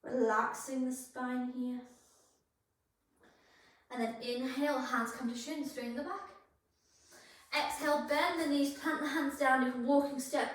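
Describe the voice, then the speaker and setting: A high-voiced woman guiding a yoga flow, cueing each pose and breath with encouragement. She is out of breath from the effort. Her voice rings through a very echoey room, picked up from a distance. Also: fairly even intonation, a little slow, long pauses. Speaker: yoga instructor. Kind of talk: guided yoga class instruction.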